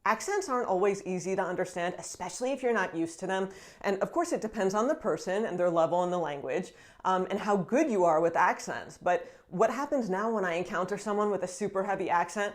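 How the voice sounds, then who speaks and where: A woman's voice: medium pitch, lively intonation, a little fast. Chatty upbeat woman vlogging. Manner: chatty and upbeat, with frequent fillers and laughs. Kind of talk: casual vlog talk to camera.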